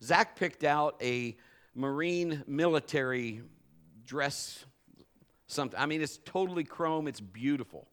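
Middle-aged male preacher, high ringing tone, emphatic live-sermon delivery. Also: a little slow, a bit bright. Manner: emphatic preaching, building to fervent exhortation. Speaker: pastor. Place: church service.

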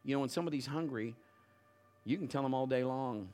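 A male pastor preaching a sermon in a conversational storytelling way, building to loud emphatic bursts. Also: medium pitch, animated, a little fast, soft background music.

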